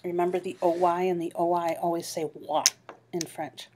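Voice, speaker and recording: A woman's voice: fairly low pitch, flat delivery, moderate pace, noisy background. A woman teaching a French class online, patiently explaining grammar and modeling pronunciation. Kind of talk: online class review lecture.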